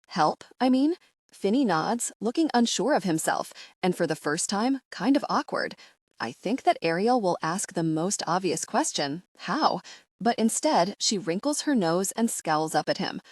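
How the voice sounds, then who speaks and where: A woman reading a first-person audiobook in a soft, measured, intimate manner, recorded close on a studio mic. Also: medium pitch, lively intonation, no echo. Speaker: audiobook narrator.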